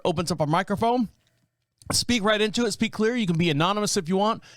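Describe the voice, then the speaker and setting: Middle-aged male host, high voice, dry close mic, joking and rambling. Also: dry recording. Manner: jokey rambling storyteller who laughs often. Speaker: podcast host. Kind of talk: casual podcast monologue.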